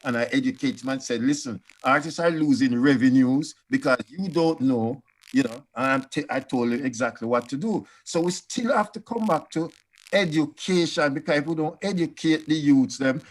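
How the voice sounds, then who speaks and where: Animated older Jamaican man telling stories. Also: mid-range voice, normal speed. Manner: animated, acts out quoted voices. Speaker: panelist. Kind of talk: storytelling panel talk.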